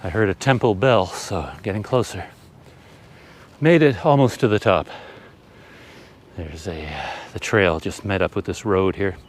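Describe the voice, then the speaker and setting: A man's voice: deep voice, unhurried. A man talking casually while climbing an outdoor trail, out of breath and rambling, recorded on his handheld camera. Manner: rambling, self-deprecating. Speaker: travel vlogger. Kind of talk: casual vlog talk while hiking.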